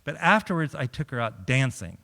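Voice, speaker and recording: A man's voice: medium pitch, a little fast, creaky. A middle-aged man, a chaplain, telling humorous stories to a congregation, acting out quotes and laughing often. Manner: lively storyteller, acts out quotes and laughs often. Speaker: chaplain speaking at a church. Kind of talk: humorous storytelling talk to a congregation. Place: large church hall. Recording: long hall reverb.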